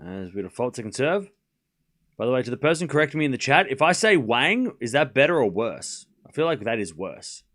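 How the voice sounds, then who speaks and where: Animated man calling tennis points live. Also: medium pitch, quick pace. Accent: non-native English accent. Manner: calls points in short bursts, swings up excitedly on big points. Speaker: livestream tennis watchalong host. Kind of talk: live play-by-play scoring commentary mixed with chat replies.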